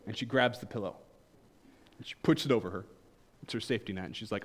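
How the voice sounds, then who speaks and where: A man delivers a sermon as a pastor, talking it through like a story with wry humor. His voice sits in an ordinary middle pitch, climbing to emphatic highs and then dropping into soft, low asides. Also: big pitch swings, brisk, long pauses, a little hiss or hum.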